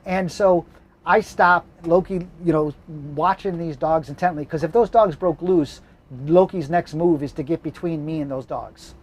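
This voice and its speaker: A man with a slightly high voice hosts a travel vlog from a moving car, telling rambling anecdotes at normal speed and correcting himself in a casual storytelling chat. The audio quality is poor.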